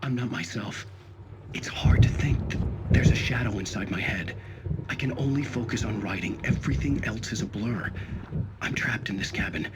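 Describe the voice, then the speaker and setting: An actor playing a frightened male writer in a game, speaking in a tense, halting confession. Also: fairly low pitch, close to an everyday voice. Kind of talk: video game monologue. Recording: loud background noise.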